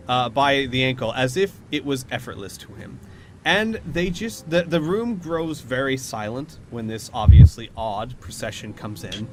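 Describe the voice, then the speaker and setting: A man's voice: medium pitch, noisy background. A man narrating scenes and explaining rules as the game master of a tabletop role-playing game, in a chatty, descriptive way.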